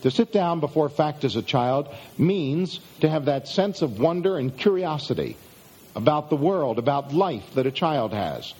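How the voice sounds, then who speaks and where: A middle-aged man giving a motivational self-help talk, speaking in measured phrases that draw out key words and trail down at the ends. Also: fairly high pitch, darkish tone, slightly rough.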